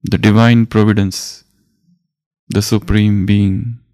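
A man giving a spiritual discourse as a teacher, speaking slowly and deliberately and repeating his phrases. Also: on the low side, flat delivery, warm tone.

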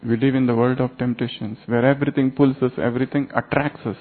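A man giving a sermon, telling a moral fable slowly in short phrases. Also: medium pitch, steady tone. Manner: slow storytelling in short phrases. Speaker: spiritual teacher. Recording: tinny phone-like line, faint music.

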